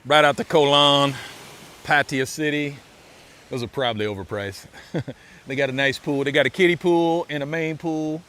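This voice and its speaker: A man live-streaming a relaxed walk outdoors by a beach, chatting casually and thanking viewers over and over. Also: on the high side, moderate pace, clean tone. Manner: laid-back, thanks viewers for donations, repeats phrases. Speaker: live-streaming walking vlogger.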